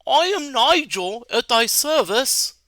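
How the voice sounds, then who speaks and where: Guy doing a posh british noble wizard, polite and lilting, bright voice. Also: extremely high pitch, sing-song, slow, no echo, studio quality, voice pushed up, exaggerated voice. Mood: courtly. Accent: put-on British. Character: noble male wizard, courteous and proper.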